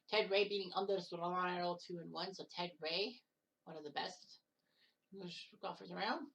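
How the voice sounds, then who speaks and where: Low gravelly woman commentating casually. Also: unhurried, fairly bright tone, far from the mic. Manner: joking asides, correcting mixed-up names, occasional swearing. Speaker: commentator of a simulated golf match-play event. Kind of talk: casual solo results commentary.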